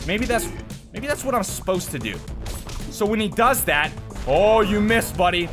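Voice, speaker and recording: A young man giving excitable commentary over a video game, chatting to viewers and breaking into loud yelps and shouts during the action. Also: sits high, normal speed. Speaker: gaming video host. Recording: faint game music behind.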